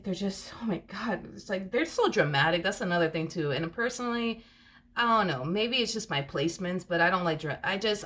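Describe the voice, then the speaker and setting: A chatty, lower-pitched woman reading tarot. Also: a bit bright. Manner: chatty, giggly, repeats herself a lot. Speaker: tarot card reader. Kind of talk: casual tarot reading to camera.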